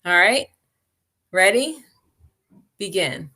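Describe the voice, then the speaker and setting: A woman hosting a livestream, guiding listeners through meditation with calm, unhurried instructions and easy laughter. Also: mid-range voice. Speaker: meditation host.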